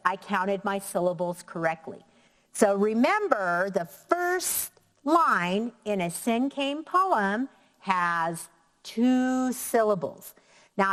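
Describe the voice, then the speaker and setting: A woman teacher giving a slow, clear lesson to young children, counting out syllables. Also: medium pitch, in a large hall. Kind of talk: elementary classroom lesson.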